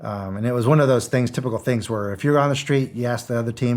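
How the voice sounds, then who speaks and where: A man's voice: mid-range voice, expressive, fast, few pauses, a little mellow. Middle-aged man, casual interview guest, blunt storyteller, acts out quotes, swears freely. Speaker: guest, former security contractor.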